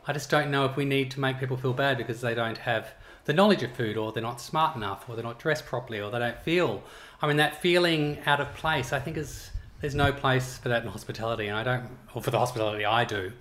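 A middle-aged Australian man, a chef talking casually about his cookbook in a relaxed, rambling way with frequent chuckles. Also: medium pitch, fast. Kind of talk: casual interview chat.

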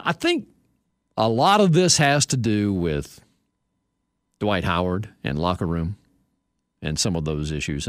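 A man's voice: deep voice, no echo, clean studio sound. A man hosting a sports radio show, chatting casually and wryly, reading copy aloud with playful emphasis. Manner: wry, reads copy aloud with exaggerated emphasis. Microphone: studio microphone.

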